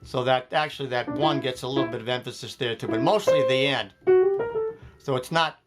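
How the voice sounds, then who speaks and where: A man gives a spoken jazz piano lesson, explaining phrasing step by step and counting beats aloud. His mid-range voice runs a little fast, with loud piano playing behind it.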